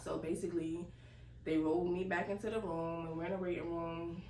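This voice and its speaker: A young woman telling a casual, animated story and laughing as she goes. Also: lowish voice, a little fast, a crowd in the background. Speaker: vlogger. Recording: echoey room, distant mic, faint noise.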